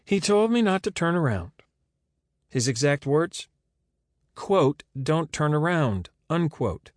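A man's voice: on the high side, big pitch swings, slow, no echo, pitched above the performer's own voice. A man voicing a dry, sarcastic woman who is being questioned again, giving curt answers. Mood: wry. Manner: sardonic, curt replies.

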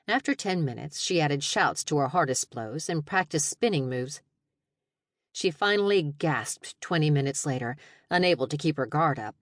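Woman, audiobook narrator, low voice, steady scripted narration, dry close sound. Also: no room sound.

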